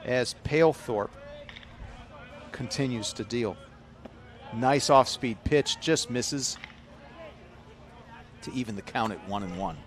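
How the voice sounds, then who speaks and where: A man's voice: mid-range voice, takes it slowly, pauses often, slight background noise. A man with a Chicago American accent calling a youth baseball game live, chatty and often correcting himself. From Chicago, United States. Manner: chatty, self-correcting, rising to shouts on big hits. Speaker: baseball commentator. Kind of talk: live play-by-play commentary.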